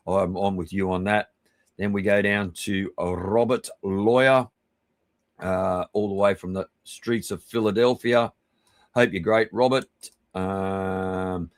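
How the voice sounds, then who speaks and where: An Australian man hosting a live stream, giving rambling, chummy shout-outs to viewers and swearing casually. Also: low voice, no echo. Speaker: livestream host.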